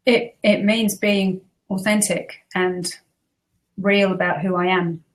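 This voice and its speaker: A woman's voice: mid-range voice, fairly even intonation, slow pace. A woman co-hosting a casual spiritual chat, earnest and reflective. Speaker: co-host.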